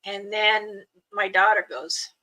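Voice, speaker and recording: Slow, bright-voiced woman telling a story. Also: medium pitch, steady tone, poor audio. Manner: chatty, laughs often, acts out her children's voices. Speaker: mother telling a personal story. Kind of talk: casual spoken storytelling.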